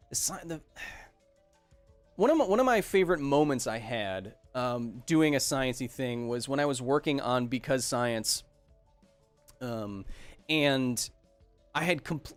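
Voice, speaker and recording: A man with a mid-range voice, recorded with no room sound, hosts a science podcast in a casual livestream Q&A. Enthusiastic and jokey, he chats, reads viewer comments from the chat aloud, and answers them.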